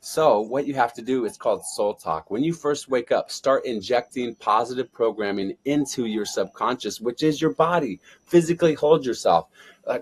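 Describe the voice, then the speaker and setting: Husky, fervent man preaching self-belief. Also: medium pitch, animated, moderate pace. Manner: fervent, preaching, repeats affirmations. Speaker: guest. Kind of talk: motivational interview talk.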